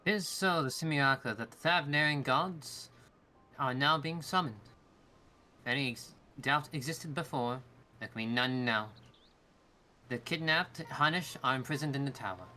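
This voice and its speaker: A man's voice: mid-range voice, moderate pace, pushed and bright, soft background music. A man voicing a formal adventurer who speaks in old-fashioned thee-and-thou phrasing, as a fan reading of game dialogue. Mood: solemn.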